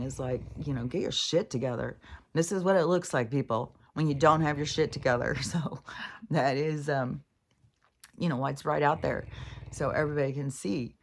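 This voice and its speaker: A woman rambling casually in a spiritual vlog, swearing freely and getting animated as she retells a scene. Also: low-pitched, slight background noise. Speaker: spiritual vlogger. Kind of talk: rambling monologue.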